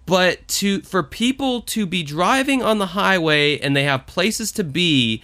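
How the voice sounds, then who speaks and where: A man hosting a podcast, telling stories in an animated way and swearing often. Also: sits high, a little slow. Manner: animated storytelling, frequent swearing. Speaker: podcast host. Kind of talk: casual podcast chat.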